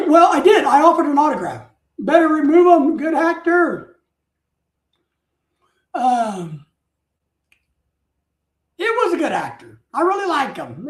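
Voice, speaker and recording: A man telling stories in a rambling, casual way, drifting off topic and breaking into mock outrage. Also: very high voice. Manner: talkative, wanders off topic. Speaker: streamer. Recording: roomy echo.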